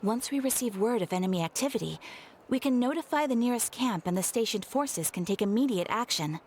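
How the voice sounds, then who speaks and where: A woman voicing a polite, businesslike female guild receptionist in a game, with a crispy, hissing sound on her voice. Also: a little high, expressive, brisk, a little mellow, natural voice.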